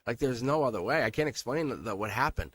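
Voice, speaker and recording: A man's voice: mid-range voice, animated, fast talker, fairly bright tone, breathy edge, no echo. A man hosting a live-streamed tarot reading, speaking earnestly and emphatically and repeating himself for emphasis. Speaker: tarot reader.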